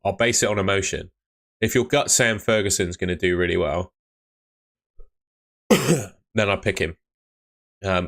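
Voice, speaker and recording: Brief: man, somewhat low voice, easygoing live stream host, chatty, answering viewer questions. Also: fairly bright tone. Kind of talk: casual live stream chat.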